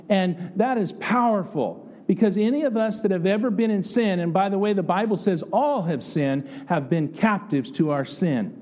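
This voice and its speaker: Male preacher from the United States; earnest, conversational sermon, warm low-edged tone, slightly high pitch. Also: expressive, moderate pace, hardly any pauses. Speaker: pastor.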